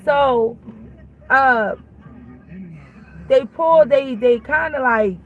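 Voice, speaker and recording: A woman's voice: high-pitched, extremely slow, muffled recording. A woman vlogger telling a story in a blunt, casual way, acting out both sides of a conversation as she goes. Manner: blunt, profane, animated retelling with acted-out dialogue. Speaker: vlog host.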